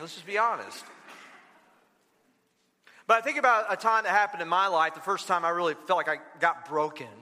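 A man's voice: fairly high pitch, bright, forceful tone, long reverb tail. A man preaching as a pastor, telling a personal story with emphatic, rising bursts. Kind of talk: sermon.

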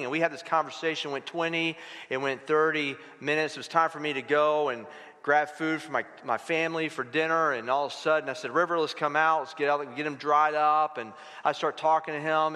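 A middle-aged male pastor giving a sermon, telling stories in an animated way and acting out the dialogue. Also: a little high. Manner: storytelling, animated, acts out dialogue. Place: church sanctuary. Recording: long hall reverb.

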